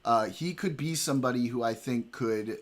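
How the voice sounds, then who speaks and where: A man's voice: medium pitch, moderate pace. A man co-hosting a livestream, talking politics in casual chat, earnest and given to repeating words while he tries to make his point. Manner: earnest, repeats himself to hold the floor.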